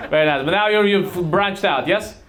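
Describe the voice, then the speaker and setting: A man's voice: high-pitched, normal speed, a bit bright. A man from Romania doing stand-up in a club. He is chatty and teasing with the crowd and laughs at his own jokes. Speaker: stand-up comedian. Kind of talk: live stand-up with crowd work. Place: comedy club in London. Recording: live club with audience noise.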